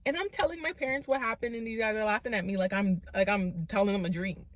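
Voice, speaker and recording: A woman telling a story to her channel's viewers in a casual storytime vlog. She is animated, says "like" a lot and acts out what people said. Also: medium pitch, fast, dry recording. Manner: animated, lots of "like", acts out quotes.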